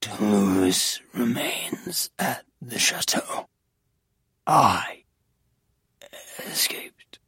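A reader voicing a broken, guilt-ridden young man who was held captive, in a whispered role-play, hushed, halting and grave. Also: mid-range voice, expressive, breathy edge, no room sound, pitched below the performer's own voice, full character voice. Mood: haunted whisper.

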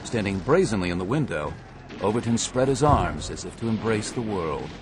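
A man giving a steady, measured scripted audiobook narration. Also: on the low side, music in the background.

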